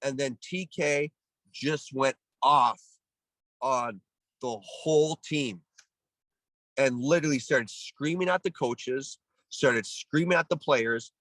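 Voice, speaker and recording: Canadian guy in his 40s, lively storyteller, mid-pitched voice, dry close sound. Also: slow, dry recording. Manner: animated storyteller, acts out voices, many restarts. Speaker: guest, former pro baseball player. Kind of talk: storytelling in a podcast interview.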